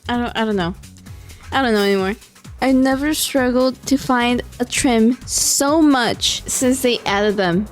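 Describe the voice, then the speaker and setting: A woman's voice: fairly high pitch, unhurried, faint music behind. A young woman giving casual commentary over her gameplay, tired late at night, pleading and exasperated and laughing often. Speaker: gaming vlogger.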